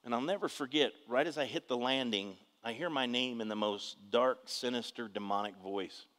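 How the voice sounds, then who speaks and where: A man, preaching a testimony in an animated storytelling way with bursts of shouting. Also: medium pitch, moderate pace, long reverb tail. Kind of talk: testimony sermon.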